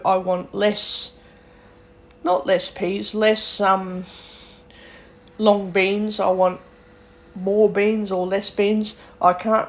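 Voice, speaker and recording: Chatty young Australian woman vlogger. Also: medium pitch. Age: young adult. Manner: chatty, thinks aloud with fillers and self-corrections. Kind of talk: casual rambling monologue.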